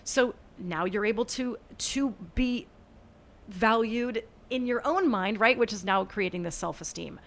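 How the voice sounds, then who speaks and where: A woman's voice: on the high side, a little slow. Earnest woman teacher, chatty guest. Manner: earnest, acts out what she tells students, many restarts. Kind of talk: casual interview chat.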